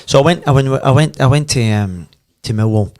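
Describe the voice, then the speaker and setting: A Glaswegian former footballer in his fifties, guesting on a podcast, tells a long, boisterous anecdote in a mid-range voice at a slightly fast clip. Chatty and animated, he swears freely and laughs through his own punchlines.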